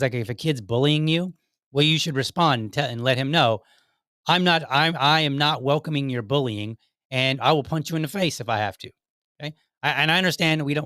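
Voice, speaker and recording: A man's voice: medium pitch, bright, forceful tone, no echo. Male podcast host, loose conversational delivery, dry recording. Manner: conversational, many restarts and "like" asides. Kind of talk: casual political commentary.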